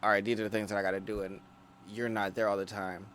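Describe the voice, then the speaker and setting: Low-voiced guy on a podcast, talks it through slow then speeds up, restarts a lot, faint hiss behind. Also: little pitch movement, a bit bright. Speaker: podcast co-host. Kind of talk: casual podcast chat.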